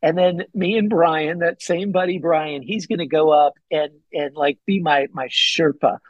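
Excitable high-voiced husky man. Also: a little slow, no echo, lo-fi sound. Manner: excited, rambling storyteller with many "like"s and restarts; acts out his own past words with big pitch jumps. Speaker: podcast guest, bowhunter and pastor. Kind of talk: casual storytelling in an interview.

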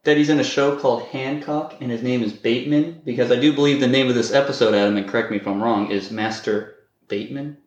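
A man's voice: medium pitch, steady tone, quick pace, reverberant, lo-fi sound. A man co-hosting a podcast in casual banter, joking around, laughing often and swearing casually. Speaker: podcast co-host.

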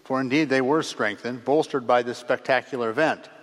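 A man delivering a sermon in a steady, mid-pitched voice. He speaks earnestly and pauses between phrases, letting his voice fall at the close of each thought. The sound carries the long reverb of a large church hall. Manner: measured, earnest, pausing between phrases, voice dropping at phrase ends. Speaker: preacher.

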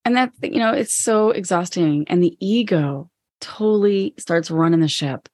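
A woman co-host with a fairly low voice talks through personal experience in a candid, reflective way, sometimes acting out her inner voice. The recording is dry and close, with little room sound. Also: normal speed, darkish tone, dry recording. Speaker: podcast co-host and business owner. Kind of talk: casual podcast conversation.

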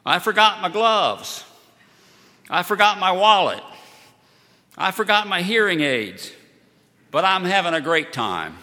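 A man voicing a cheerful, forgetful elderly churchgoer in a high, loud, delighted tone, heard in a reverberant church. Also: very animated, measured pace, long pauses, full character voice. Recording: long church hall reverb.

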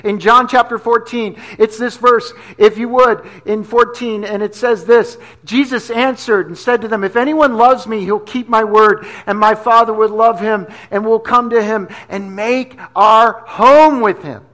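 A man's voice: high-pitched, steady tone, measured pace, hardly any pauses, a bit bright. A middle-aged man from New Jersey preaching a sermon in a conversational, storytelling way, often asking "right?". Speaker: pastor.

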